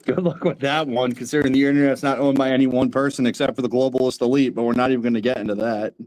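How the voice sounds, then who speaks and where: A man's voice: mid-range voice, steady tone, racing, darkish tone. A man from around Boston with a Boston accent, trading teasing banter as a caller on a live watch-party stream. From grew up around Boston, born in Indiana. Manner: teasing, argumentative.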